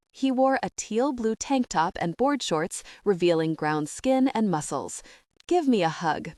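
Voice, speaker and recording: Female audiobook narrator for a first-person romance, conversational and expressive, lower register, dry studio sound. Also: dry recording.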